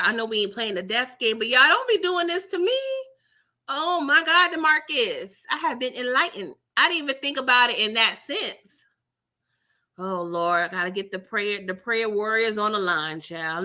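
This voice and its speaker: A woman hosts a casual livestream recap, talking in a very bright, sharp voice. She sits high in her range, laughs often and reads viewer comments aloud as she goes. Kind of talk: casual live show recap chat.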